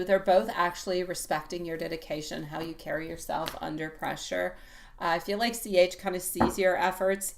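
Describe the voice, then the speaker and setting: A woman's voice: lowish voice, a bit bright. A woman giving a live-stream tarot reading, calling viewers sweetie in an affectionate, reassuring way. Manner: affectionate, calls listeners sweetie; soothing, reassuring advice. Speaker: tarot reader.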